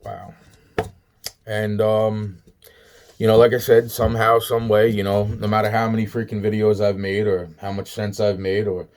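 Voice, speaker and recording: Lowish voiced guy ranting to camera, swears nonstop, keeps repeating himself. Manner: agitated, profane, repetitive. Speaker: vlogger. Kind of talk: rambling monologue.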